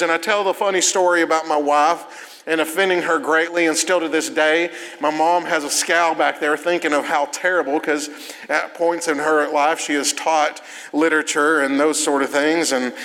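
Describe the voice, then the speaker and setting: A man preaching a sermon in a church, telling stories in a chatty, self-deprecating way with quick asides. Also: on the high side, sharp tone. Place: church sanctuary. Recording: long hall reverb.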